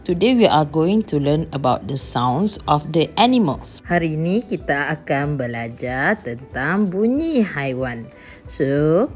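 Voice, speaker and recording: Malaysian woman teacher, slow and patient, lively lilting pitch, soft music behind. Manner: slow, patient, repeats each instruction in two languages. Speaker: primary school teacher. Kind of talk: online lesson for young children, English with Malay translation.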